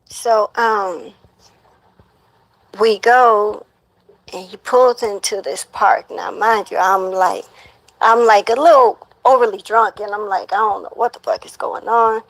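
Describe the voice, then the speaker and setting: A young woman, a guest on a talk show, telling a painful personal story in a halting way, full of fillers and repeated words. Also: mid-range voice, fairly even intonation, dry recording, poor audio. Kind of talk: emotional personal account.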